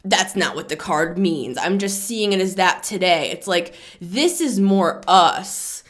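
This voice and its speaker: A middle-aged woman giving a casual tarot reading, rambling, repeating herself and building to excited emphasis. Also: lowish voice, a little slow. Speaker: tarot reader.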